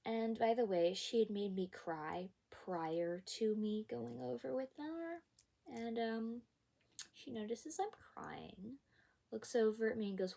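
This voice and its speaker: A young woman telling a personal story from school in a vlog, expressive and emphatic, with occasional whispered asides. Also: medium pitch, a little slow, creaky.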